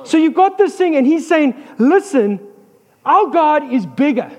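A pastor preaches an animated sermon, slipping in jokes and calling for amens. His voice sits very high for a man. Long hall reverb carries every line. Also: normal speed. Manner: animated, joking asides, calls for amens.

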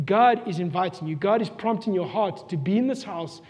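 South African pastor, high male voice, earnest sermon full of questions, church-hall reverb. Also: animated, normal speed, a little mellow. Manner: earnest, rhetorical questions, repeats himself.

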